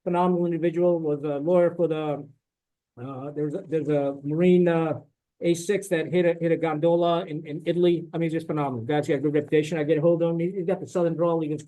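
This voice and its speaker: Blunt, high-voiced middle-aged man. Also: steady tone, fast talker, warm tone, rough recording. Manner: blunt, profane and indignant, with frequent fillers and "right?" tags. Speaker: podcast guest, retired military officer. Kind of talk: candid storytelling in a podcast conversation.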